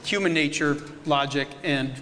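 A bright, high-pitched man speaks in a room with a long, hanging reverb. He leads a question-and-answer discussion and acts out the voices in his stories in lively bursts, often laughing as he goes. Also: moderate pace, slight background noise. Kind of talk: animated Q&A discussion.

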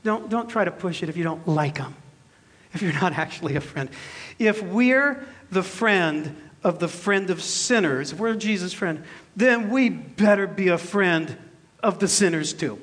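A man's voice: high voice, measured pace. A man in his fifties, a pastor preaching a sermon and telling a personal story in a jokey, self-deprecating way. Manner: animated, shifts between loud and soft.

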